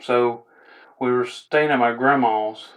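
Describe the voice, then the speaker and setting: Young man, casual storyteller, laid-back and rambling, average pitch. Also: steady tone, slow pace. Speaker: vlogger telling funny stories.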